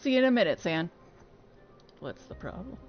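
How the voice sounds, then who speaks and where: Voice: mid-range voice, sing-song, brisk. A streamer gives casual, sarcastic play-by-play commentary, joking and swearing. The voice sounds slightly muffled. Faint game music plays behind. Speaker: gaming streamer. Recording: dull audio over game music.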